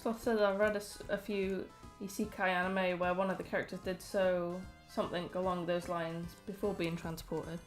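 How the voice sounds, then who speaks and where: Brief: woman, lowish pitch, dry and blunt sidekick, faint music behind. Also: normal speed, few pauses, echoey room. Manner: blunt, deadpan, reads chat messages aloud. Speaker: co-host reading chat. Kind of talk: casual stream chat.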